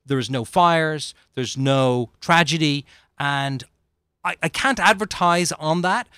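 A man's voice: takes it slowly, sharp tone, clean tone, no room sound, studio quality. A man as a guest, earnestly describing his product with playful stories. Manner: earnest pitch with playful anecdotes. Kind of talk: casual interview chat.

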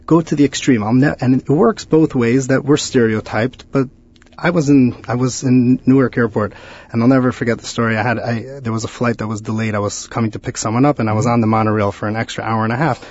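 A man, a rabbi guest on a radio show, giving earnest advice and telling stories with animated retellings. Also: mid-range voice, fast talker, lo-fi sound. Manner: animated storyteller, preachy exhortations.

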